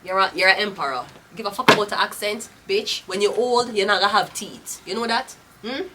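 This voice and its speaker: A woman's voice: mid-range voice, fairly quick, background noise. A woman with a Jamaican accent giving a casual tarot reading, blunt, profane and rambling. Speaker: tarot reader.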